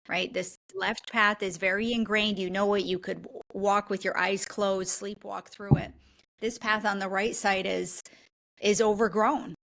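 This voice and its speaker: A woman talking as a podcast guest about her coaching work. Her voice has a gravelly, slightly fried texture at a middling pitch. She explains things earnestly and reflectively. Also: a bit bright. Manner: earnest, reflective, often tags "right?". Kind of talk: conversational podcast interview.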